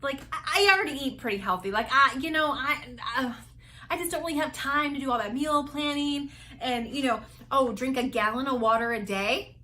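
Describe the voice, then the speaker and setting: A woman's voice: high-pitched, normal speed, sharp tone. A woman mimicking a reluctant female diet client who whines and raises objections. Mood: whiny. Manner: whiny, full of excuses and objections.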